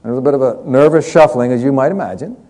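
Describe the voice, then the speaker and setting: A man's voice: mid-range voice, fast, mellow. A middle-aged man preaching a sermon, telling stories from his counseling in an earnest way, often repeating words as he goes.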